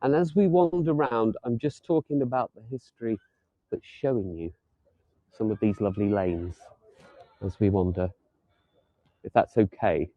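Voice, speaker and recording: A man's voice: lowish voice, normal speed, long pauses, dry recording. Chatty male walking-tour guide, dull audio. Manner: chatty, meandering, lightly joking. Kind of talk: live walking tour narration. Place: outdoors on town streets, walking.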